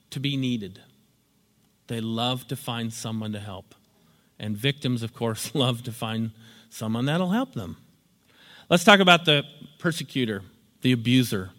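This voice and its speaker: In a medium-pitched, fairly bright voice, a man teaches a lecture that mixes storytelling with explanation and acted examples. Sound carries a long reverb, as in a large hall.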